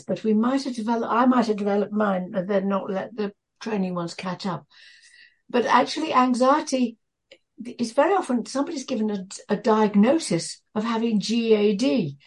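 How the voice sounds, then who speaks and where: Husky woman trainer thinking aloud. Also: medium pitch. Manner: hesitant, restarts, thinking aloud. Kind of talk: training session discussion.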